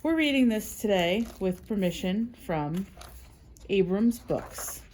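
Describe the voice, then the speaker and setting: A woman leads a children's library storytime, her voice animated and sing-song. She reads in a slow, unhurried way, warm and encouraging toward young listeners. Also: medium pitch, slight background noise.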